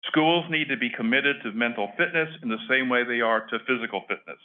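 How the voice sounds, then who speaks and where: A man's voice: mid-range voice, fairly quick. Older man reading an earnest public comment. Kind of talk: prepared public comment speech. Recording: phone-like lo-fi meeting audio.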